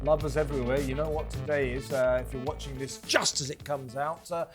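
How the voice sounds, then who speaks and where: A man's voice: medium pitch, steady tone, brisk, over music. A man hosting a studio talk show, arguing his points bluntly and making sardonic jokes. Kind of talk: opinionated studio chat. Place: television studio.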